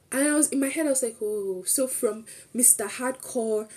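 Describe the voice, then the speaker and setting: A woman's voice: a little high, moderate pace, few pauses, a little mellow. A young woman streamer chatting casually as she recaps a trip, rambling through restarts and acting out bits of dialogue.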